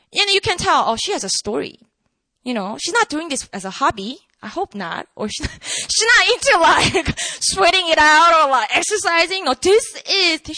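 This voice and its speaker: Animated high-voiced woman preacher. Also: no room sound. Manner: animated, talks to the congregation with asides. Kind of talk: casual, conversational sermon.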